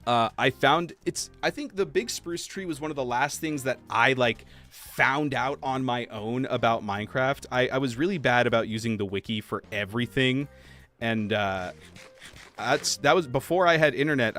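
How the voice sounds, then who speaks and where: A man chatting casually while live-streaming a game, talking to viewers and laughing softly. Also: medium pitch. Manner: chatty, animated, soft laughs. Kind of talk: casual livestream gameplay chat.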